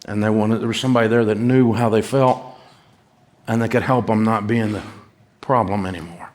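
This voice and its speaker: A man's voice: on the low side, steady tone, brisk, darkish tone. A middle-aged man with a Southern US accent, telling a folksy, self-mocking story to an audience. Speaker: speaker addressing an audience. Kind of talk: storytelling talk.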